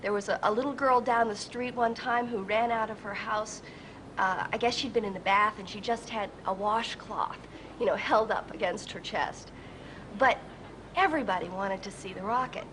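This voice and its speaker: A woman telling a lively anecdote in a documentary interview. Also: mid-range voice, normal speed, slight background noise, rough recording. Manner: lively storytelling. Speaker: interviewee recalling childhood.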